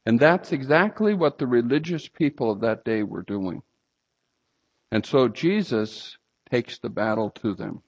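A man preaching a sermon, telling stories and sometimes breaking into loud outbursts. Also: medium pitch, expressive, a little slow. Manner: storytelling with sudden loud outbursts. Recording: slightly dull lo-fi sound.

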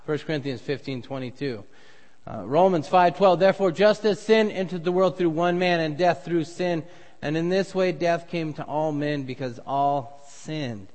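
A middle-aged male pastor delivering a sermon, swelling to loud, emphatic peaks when making a point. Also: a little high, normal speed. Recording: long reverb of a church hall.

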